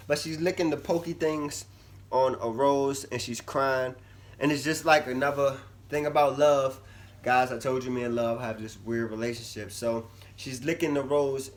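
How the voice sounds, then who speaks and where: A young man vlogging casually to camera, chatty and animated, his voice swinging from loud bursts to low mumbles. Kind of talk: casual vlog talk to camera.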